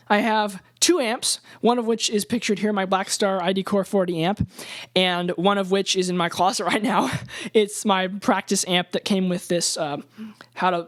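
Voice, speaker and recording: A woman's voice: mid-range voice, no echo, clean studio sound. A young woman, a musician, chatting casually to her viewers in an upbeat way, laughing often between thoughts. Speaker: musician and channel host. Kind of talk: casual vlog chat to camera.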